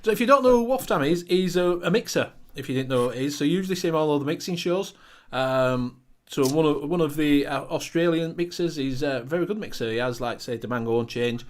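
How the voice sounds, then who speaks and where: A man hosting a casual online chat show, chatty and quick to laugh. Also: a little high, expressive. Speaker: show host.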